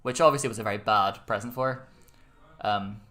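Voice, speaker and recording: Bright-voiced Irish quiz host, chatty. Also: male voice, on the low side, a little fast. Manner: chatty, joking asides, self-amused. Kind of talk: casual online quiz hosting.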